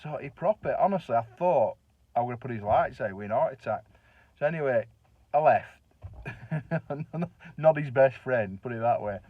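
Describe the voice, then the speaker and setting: A man's voice: mid-range voice, lively intonation, moderate pace, no echo. A middle-aged man with a Northern English accent, telling a colloquial, chatty anecdote with the odd swear word. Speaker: storyteller. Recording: dull, dry lo-fi recording.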